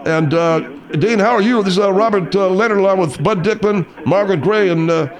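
Male radio host, high voice, hesitant and dry, comedy sketch. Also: fairly quick.

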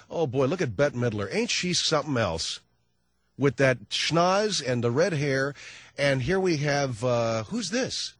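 Man, talk radio host, husky, dry studio sound, rambling, sardonic. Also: fairly high pitch, no echo. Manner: rambling, sardonic, self-mocking. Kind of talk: comic talk radio monologue.

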